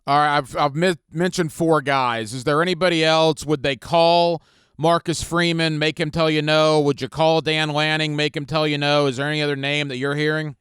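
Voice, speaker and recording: A man hosting a radio sports talk show, brisk, firing off quick questions at his guest. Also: fairly high pitch, steady tone, fairly bright tone, smooth, no echo.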